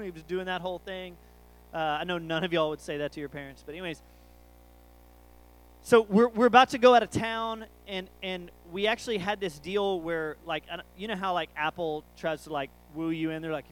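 A man's voice: high voice, fairly quick, rough recording. A man, preaching a sermon through a rambling, jokey family story.

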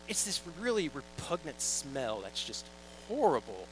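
A man's voice: mid-range voice, huge pitch swings, a little slow, noisy background. A young man preaching a sermon in a casual, joking, storytelling way, reading scripture and acting out little quoted asides. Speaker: pastor.

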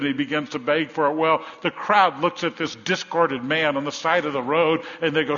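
A man's voice: fairly high pitch, fairly even intonation, normal speed, hardly any pauses, bright, forceful tone. A man preaching a sermon, telling a Bible story vividly and acting out the voices of the crowd. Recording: dull sound with long reverb in a hall.

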